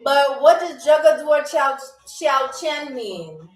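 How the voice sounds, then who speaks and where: High-voiced woman hosting a playful game show. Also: expressive, recorded from a distance. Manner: playful, teasing chat with commenters; slow, careful spelling-out of foreign phrases. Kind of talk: live-streamed trivia game show hosting. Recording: echoey room, away from the mic, faint music.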